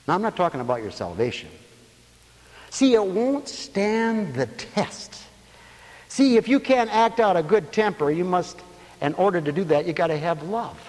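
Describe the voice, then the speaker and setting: Animated preacher man in a reverberant hall. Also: on the high side, moderate pace. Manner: animated storytelling, acting out people's voices. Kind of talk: sermon.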